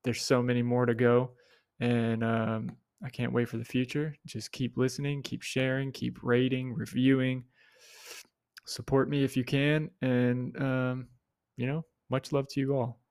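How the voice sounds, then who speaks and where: A man's voice: level tone, unhurried, darkish tone, clear, resonant tone, no room sound. Young man, podcast host, rambling casual monologue, mid-range voice, dead dry sound. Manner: rambling, swears casually, mimics people in high voices.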